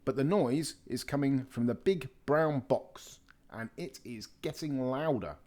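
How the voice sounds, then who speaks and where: A man reading a children's picture book aloud with lively, expressive storytelling. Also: medium pitch, measured pace. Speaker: storybook reader.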